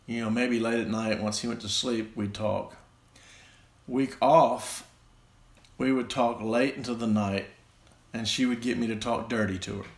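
A man with a Southern American accent telling a rambling, self-deprecating personal story in a halting way, with many restarts. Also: medium pitch, vocal fry, reverberant.

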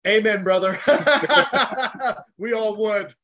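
An American man in his forties with a notably high speaking voice, talking as a podcast guest. He comes across animated and earnest, pouring feeling into each point in a relaxed interview chat. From United States. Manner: animated, earnest and heartfelt, talks about faith. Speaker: podcast guest, former Navy SEAL.

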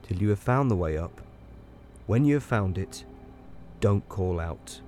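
A man doing a haunted, low-voiced signalman. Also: animated, faint music behind. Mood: ominous. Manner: low, hushed, halting and ominous. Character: troubled, grave middle-aged male railway signalman. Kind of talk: audiobook character voice.

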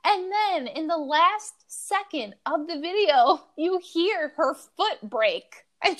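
A woman's voice: very high voice, expressive, slow pace, few pauses, fairly bright tone. A woman co-hosting a podcast in casual chat, talking with many "like" fillers and laughing through her stories. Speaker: podcast co-host.

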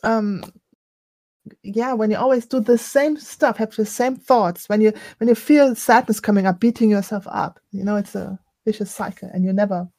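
A woman co-hosting a podcast, speaking in a reflective casual chat and laughing softly now and then. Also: medium pitch, moderate pace, no echo. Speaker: podcast co-host.

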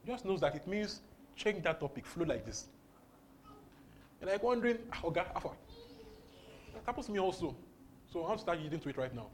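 Laughing, lively-voiced preacher man. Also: high voice, fast talker, pauses often, slight background noise. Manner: exuberant, laughing often, repeating phrases. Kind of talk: charismatic sermon.

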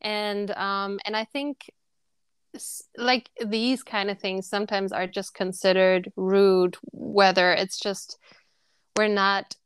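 A young woman from Germany with a faint German accent, talking casually as an interview guest. She tells stories in a loose, chatty way, full of fillers. Her voice is smooth and clear, recorded dry and close. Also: medium pitch, fairly bright tone, no echo. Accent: slight German. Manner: chatty storyteller, many fillers and "like". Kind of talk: casual conversation.

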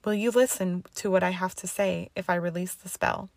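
Woman reading as a steady, stern headmistress witch. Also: lowish voice, vocal fry, dry recording. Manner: calm, measured, sympathetic.

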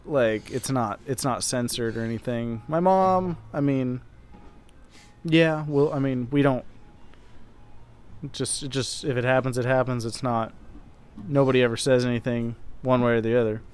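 A man's voice: medium pitch, moderate pace, a little mellow, clean tone. A young man in casual podcast chat, rambling and hesitant, laughing often.

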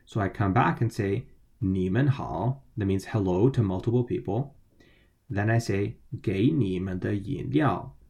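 A man's voice: lowish voice, normal speed, vocal fry, mellow. A man teaching, walking through a dialogue and explaining each word and tone step by step. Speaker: language teacher.

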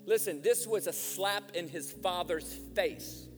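A man preaching a sermon in a church, impassioned, swinging from hushed appeals to shouted fervor. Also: sits high, unhurried. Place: church hall. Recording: music, long hall reverb.

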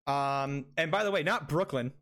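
Chatty laughing man, higher voice. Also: normal speed, a bit bright. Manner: chatty, laughs often, talks in long runs. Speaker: podcast co-host. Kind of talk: casual chat.

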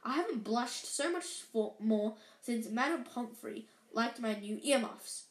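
A woman doing a calm old wizard, gentle and unhurried, raised voice, roomy echo. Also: a little high.

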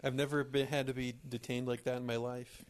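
A man's voice: medium pitch, little pitch movement, fairly quick. A young man cohosting a podcast who chats casually and makes laid-back, wry remarks. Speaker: podcast co-host. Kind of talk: casual chat.

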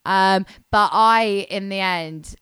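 A woman's voice: medium pitch, takes it slowly, a bit bright, clear, resonant tone, dry recording. A woman co-hosting a podcast, chatty and storytelling, swearing casually. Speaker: podcast co-host. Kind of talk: casual chat.

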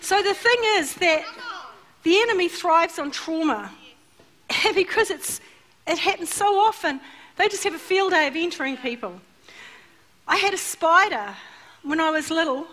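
A woman's voice: extremely high pitch, moderate pace, pauses often. A middle-aged woman preaching a sermon in church, telling stories animatedly and acting out the voices. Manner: animated storytelling, acts out voices. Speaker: church speaker.

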